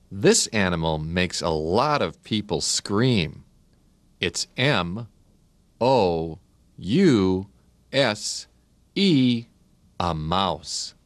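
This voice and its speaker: Slow, deep-voiced man spelling words for kids. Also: dry recording. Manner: slow, spells words letter by letter, friendly questions. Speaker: children's educational narrator. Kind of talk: scripted narration.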